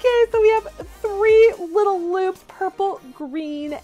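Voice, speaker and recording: A woman hosting a toy unboxing vlog, gushing and squealing with excitement, talking to viewers as "you guys". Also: very high voice, a little slow, dull audio, soft background music.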